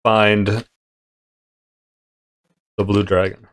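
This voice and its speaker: A podcast host runs a relaxed gaming chat show, rambling from thought to thought with many fillers and restarts. His smooth, resonant voice is on the low side and very slow. He's recorded close and dry, with no room sound.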